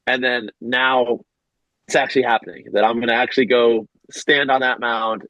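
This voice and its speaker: A man's voice: medium pitch, steady tone, moderate pace, bright, forceful tone, no room sound, low-quality recording. A young man in his twenties, a guest in a casual interview, speaking earnestly and from the heart with lots of "like". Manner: earnest, heartfelt, many fillers like "like". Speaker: guest, baseball pitcher.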